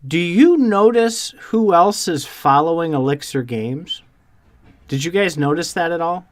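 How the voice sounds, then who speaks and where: A man co-hosting a podcast talks in a lively, storytelling way, swearing as he goes. His voice sits a bit high for a man. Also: measured pace. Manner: animated storyteller, swears freely. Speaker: podcast co-host. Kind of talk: casual chat.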